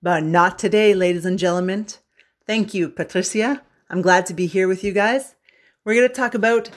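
Woman from Canada, English teacher, joking, playful, mid pitch. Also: moderate pace. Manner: playful, jokey, bursts into singing. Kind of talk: humorous language lesson on radio.

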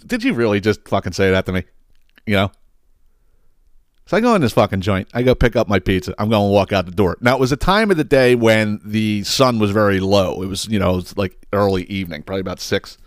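A man hosting a podcast, telling a long, profane, animated rant full of restarts. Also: mid-range voice, no echo, clean studio sound. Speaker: podcast host. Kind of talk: ranting storytelling.

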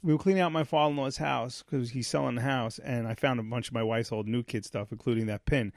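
A man's voice: medium pitch, steady tone, fast talker, gravelly, no room sound, studio quality. A man co-hosting a podcast, telling long rambling stories in casual chat and acting out what people said. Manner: rambling storyteller, acts out quotes. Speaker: podcast co-host.

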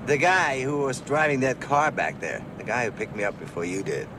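An actor playing a cruel male hitchhiker killer who speaks with slow, calm menace, taunting his driver. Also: lightly acted. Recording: film clip with loud car rumble, distant.

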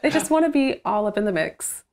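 A woman's voice: mid-range voice, expressive, brisk, a little mellow. A woman voice-over artist, recording from home, chatting animatedly about her work with frequent laughs and fillers. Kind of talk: casual interview chat.

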